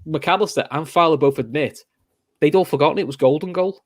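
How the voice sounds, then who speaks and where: A man's voice: on the high side, fairly quick, dry recording, studio quality. A young man with a Liverpool accent hosting a casual football podcast, telling stories with animation and acting out the reactions. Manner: animated storytelling, acts out reactions. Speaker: podcast host.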